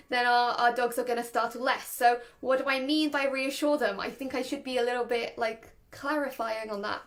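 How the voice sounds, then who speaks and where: A young woman explains handling a nervous dog in an easygoing, talkative way. Her voice sits high and bright in pitch, and she laughs easily between points. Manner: chatty, laughs often, demonstrates voices. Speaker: dog trainer. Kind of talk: casual explanatory talk to camera.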